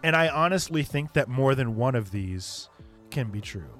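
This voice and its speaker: A man co-hosting a live gaming show, chatting casually in an upbeat, lively way. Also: mid-range voice, moderate pace, soft background music. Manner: lively, upbeat, animated delivery. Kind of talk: casual live-stream chat.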